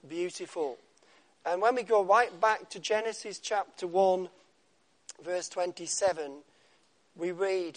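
Guy preaching slow, high voice, long pauses, goes all hushed on big words. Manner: dramatic pauses, drops to a soft hush on key words. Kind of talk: sermon.

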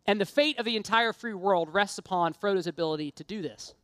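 A woman's voice: mid-range voice, fairly quick, no room sound. Impassioned woman preaching, dry close sound. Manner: earnest and impassioned, rising to emphatic appeals; conversational asides with light self-deprecation. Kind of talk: sermon.

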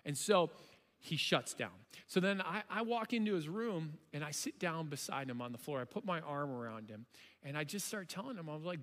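A man in his thirties preaching a sermon, impassioned, shifting between loud emphasis and quiet storytelling. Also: on the high side, lively intonation, moderate pace. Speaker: pastor. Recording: long hall reverb.

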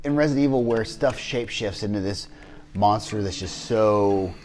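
A man's voice: on the low side, moderate pace, a little mellow, slight background noise. A man co-hosting a podcast in casual chat, rambling with many fillers and restarts. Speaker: podcast co-host.

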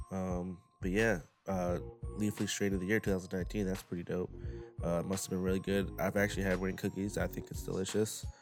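A man casually reviewing cannabis strains on a vlog, reading descriptions aloud and stumbling over words, with laid-back slang. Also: deep voice.

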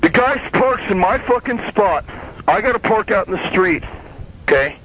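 A man's voice: sits high, expressive, normal speed, fairly bright tone, husky. A man telling a long, heated story in casual chat, profane and rambling, often restarting his sentences. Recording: dull lo-fi sound.

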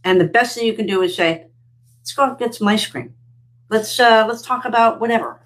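Blunt, wry woman with a higher voice. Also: fairly quick, poor audio. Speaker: guest. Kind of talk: casual chat.

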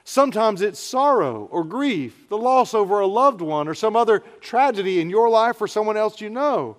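A man's voice: high-pitched, very animated, moderate pace, few pauses. A middle-aged man, preaching an earnest, conversational sermon. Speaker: pastor. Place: church sanctuary. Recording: church hall reverb.

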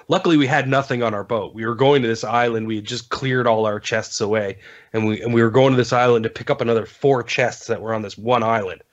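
A man guesting on a podcast who rambles through his gaming stories in loose, casual talk, full of ums and restarts. His voice sits at an ordinary middle pitch. The recording sounds dull and lo-fi. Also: a bit bright. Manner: rambling storyteller, many fillers and restarts.

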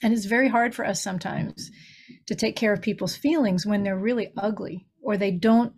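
A woman's voice: medium pitch, moderate pace, a little mellow. Earnest middle-aged woman telling stories. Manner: earnest storytelling, acts out quoted voices. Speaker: grief recovery minister. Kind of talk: conversational podcast interview.

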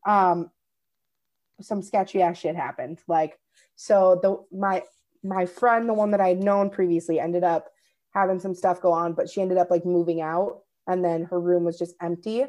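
Swearing, animated woman telling ghost stories. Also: lowish voice, normal speed. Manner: animated, swears freely, acts out quotes. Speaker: podcast co-host. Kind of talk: casual storytelling chat.

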